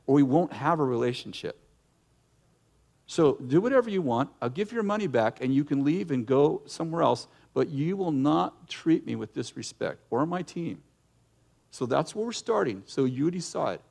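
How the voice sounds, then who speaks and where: A middle-aged male pastor preaching a sermon in an animated way, breaking into acted yelling now and then. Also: fairly high pitch, creaky. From United States.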